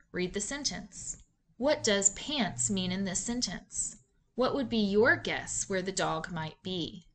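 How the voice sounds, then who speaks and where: A woman talks through a reading lesson in a clear, measured teacher's voice, with a pitch that sits in the middle. She paces her scripted narration evenly and poses questions as if to a class. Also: a bit bright. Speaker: reading instructor.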